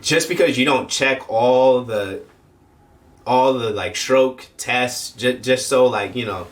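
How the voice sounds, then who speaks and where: A man's voice: mid-range voice, slow. A young man, a firefighter and paramedic, telling a personal story in a rambling, slangy way with many fillers. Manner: rambling, lots of fillers, slangy, acts out quotes. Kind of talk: casual storytelling vlog.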